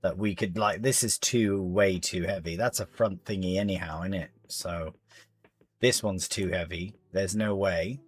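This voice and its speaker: A man's voice: sits low, fairly even intonation, measured pace, slightly rough, soft background music. A young man chatting casually on a gaming stream, rambling to his viewers and calling them mate. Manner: rambling, chatty, chuckling, talks to chat as mate. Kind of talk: casual live-stream chat while playing.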